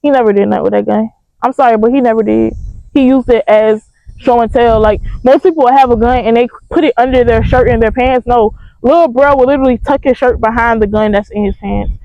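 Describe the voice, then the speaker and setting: A young woman, telling a storytime to her viewers in an animated, slangy way. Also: fairly high pitch, brisk, dry recording. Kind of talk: casual storytime vlog. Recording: dry, slightly dull mic sound.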